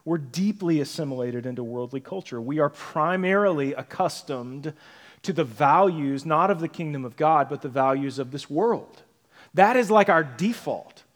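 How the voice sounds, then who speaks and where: A male pastor delivers a sermon in a relaxed, conversational way, often tossing "right?" back to the congregation. His voice sits a little high for a man. The sanctuary adds a long, ringing reverb to everything he says. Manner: conversational preaching, frequent tag questions. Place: church sanctuary.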